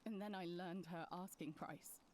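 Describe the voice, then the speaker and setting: An actress playing a weary young woman recovering from poisoning, speaking slowly and reluctantly in video game dialogue. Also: fairly low pitch, fairly even intonation, a little mellow, a little hiss or hum, natural voice. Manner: slow, tired, reluctant.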